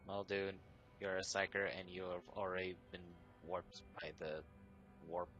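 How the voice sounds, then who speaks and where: A man's voice: sits low, flat delivery, unhurried, fairly bright tone, lo-fi sound, faint music behind. A man in a tabletop role-play game, speaking in character in a terse, matter-of-fact way. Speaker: tabletop player.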